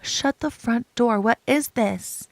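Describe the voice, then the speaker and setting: Woman, young adult, game streamer, gravelly voice, slightly high, dramatic and gushing, casual chat to viewers. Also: slow, no room sound. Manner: excitable and self-declared dramatic, gushing and groaning.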